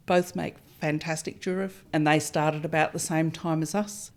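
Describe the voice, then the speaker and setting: A woman's voice: deep voice, darkish tone. A middle-aged Australian woman from Melbourne, a winemaker, answering interview questions in a chatty, self-deprecating way with small hesitations. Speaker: winemaker, guest.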